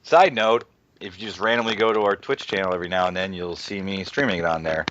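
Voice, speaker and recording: A man's voice: low voice, fast talker, background noise. A young man in his twenties co-hosting a gaming podcast, laid-back and swearing casually. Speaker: podcast co-host. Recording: dull dry mic.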